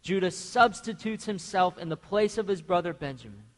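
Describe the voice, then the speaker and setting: In a church sanctuary with long reverb, a pastor preaches a sermon in a high, expressive voice at a normal speed. He is impassioned, acting out the biblical speakers in the story he tells.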